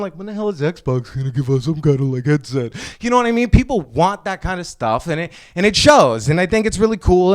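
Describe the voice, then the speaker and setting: This is a man hosting his own gaming vlog, talking casually and excitably to his viewers. His voice is slightly high, clear and smooth, and it swings widely in pitch as he rambles along. He drops casual swear words without missing a beat. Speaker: gaming vlogger host. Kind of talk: casual chat to camera.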